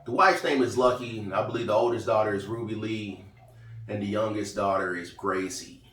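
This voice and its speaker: A man giving a casual, chatty spoken review of a TV show, talking in a lively, conversational way. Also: fairly low pitch, brisk, recorded from a distance. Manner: chatty, lively, quotes characters in small voices. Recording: roomy echo, from off mic.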